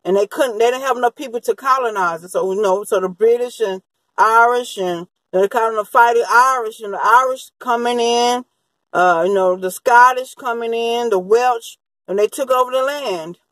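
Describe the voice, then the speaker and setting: A woman's voice: fairly high pitch, moderate pace, fairly bright tone, no room sound, rough recording. A woman giving a rambling, unscripted crime-history monologue, full of fillers and restarts. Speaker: true-crime commentator.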